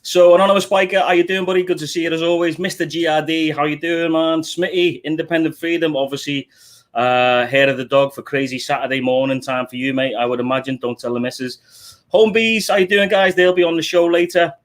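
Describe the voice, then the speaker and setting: A man's voice: fairly high pitch, fairly even intonation, fairly quick. A middle-aged man with a Liverpool accent hosts a live stream in a casual, chatty way, greeting viewers one by one as mate and buddy into a desk microphone. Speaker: livestream host.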